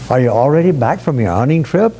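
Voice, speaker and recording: A man's voice: medium pitch, lively intonation, fast, dark tone, husky. A preacher putting on an old blind father. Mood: questioning. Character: aged blind father, old man blessing his son.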